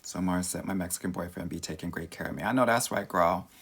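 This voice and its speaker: Sassy campy cali guy with a valley accent, gravelly fry in his voice, reading comments live. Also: low voice, fast, fairly bright tone. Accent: Southern California. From Southern California. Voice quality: creaky. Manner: sassy, campy, says "girl" constantly. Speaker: dating coach. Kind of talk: casual livestream Q&A.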